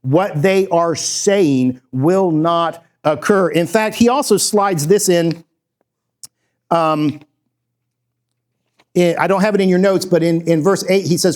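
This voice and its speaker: Higher-voiced man preaching a sermon. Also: takes it slowly, pauses often, a little mellow. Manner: conversational preaching, acts out quoted voices. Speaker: pastor.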